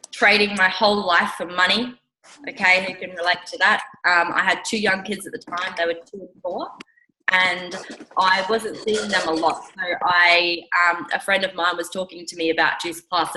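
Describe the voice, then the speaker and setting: A woman with a husky morning voice, a little sick, giving an upbeat, chatty talk as a guest speaker on a conference call and often asking her listeners questions. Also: mid-range voice, sharp tone, slight background noise, poor audio.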